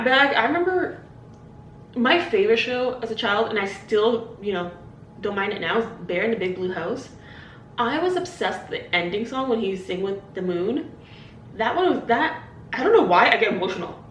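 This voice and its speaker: A young woman talks through a casual solo podcast, rambling from thought to thought with plenty of "like" and restarts. Her voice sits a touch high, and the room bounces it back with a light hum underneath. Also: recorded from a distance. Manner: rambling, chatty, full of "like" and self-interruptions. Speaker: podcast host. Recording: echoey room, voice a bit off-mic.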